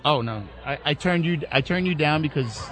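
A man's voice: a little high, moderate pace, a crowd in the background. A man co-hosting a radio show, trading playful banter with his partner. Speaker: radio co-host. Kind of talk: casual chat.

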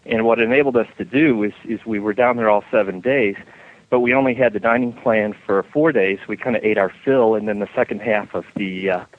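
A man's voice: lowish voice, fairly quick, no room sound. A man from Michigan calls in to a radio show and rambles through a tip, full of hesitant fillers. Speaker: caller. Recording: tinny phone line.

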